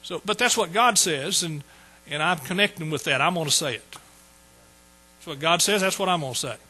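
A man's voice: on the high side, moderate pace, pushed and bright, husky, low-quality recording. A man preaching a sermon in a folksy, joking way. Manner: folksy, joking asides to the congregation. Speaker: pastor.

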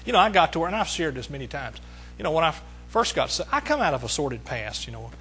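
A man's voice: on the high side, sing-song, quick pace, sharp tone, soft background music, rough recording. A middle-aged man preaching a sermon, emphatic, repeating his phrases and calling out to the congregation.

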